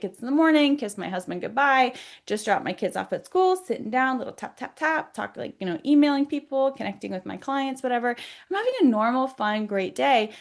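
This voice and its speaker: A woman, a psychic and energy healer, telling a personal story in an animated, chatty way, full of casual fillers and dropping quiet for intimate moments. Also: mid-range voice.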